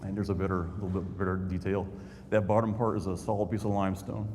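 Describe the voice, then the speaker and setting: A man's voice: low-pitched, level tone, fast, darkish tone. Folksy man telling stories. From Indiana, USA. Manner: folksy anecdotal storyteller. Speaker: YouTuber giving a talk. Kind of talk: storytelling public talk. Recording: long hall reverb, faint noise.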